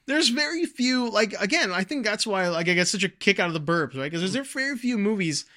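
Bright-voiced man chatting about movies. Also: high-pitched, animated, brisk. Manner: rambling, enthusiastic, swears freely. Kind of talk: casual movie chat.

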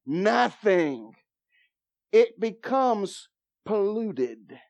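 A man's voice: high voice, very animated, extremely slow, vocal fry, darkish tone. Emphatic male pastor preaching. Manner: emphatic, call-and-response with congregation. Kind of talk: sermon. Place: church.

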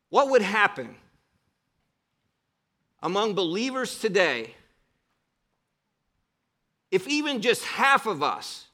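A man's voice: high-pitched, bright, forceful tone. A man preaching a sermon as pastor, emphatic and exhorting with rhetorical questions.

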